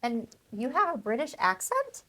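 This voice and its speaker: A lonely, kind-hearted farm wife, as a woman acts her out in a radio play. Her voice sits somewhat high, and her manner is earnest and gentle, easily flustered. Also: wildly swooping pitch, moderate pace, heavily acted.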